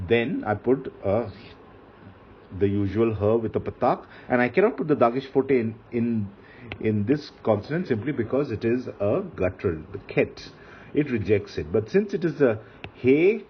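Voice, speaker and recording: A man teaching a grammar lesson, patiently repeating and spelling out points as he writes. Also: lowish voice. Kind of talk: classroom lecture on grammar. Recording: dull lo-fi recording with faint hiss.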